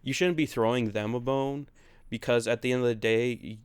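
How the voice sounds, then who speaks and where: In a clear, resonant, mid-range voice, a male podcast co-host talks fairly quickly with a steady tone. The chat is casual, with some rambling, frequent laughter, and loose swearing, and he's captured on his own separate recording.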